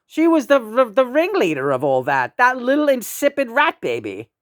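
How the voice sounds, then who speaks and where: A woman's voice: on the high side, huge pitch swings, moderate pace, no echo, studio quality. A woman in her sixties chatting casually in a rambling, profane way, often breaking into chuckles. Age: 60s. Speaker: vlogger.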